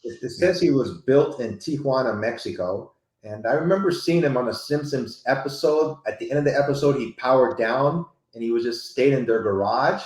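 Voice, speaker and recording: A man's voice: medium pitch, moderate pace, hardly any pauses, a little mellow, roomy sound, poor audio. A man talking as a guest in a casual chat, hesitant and full of fillers. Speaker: podcast guest.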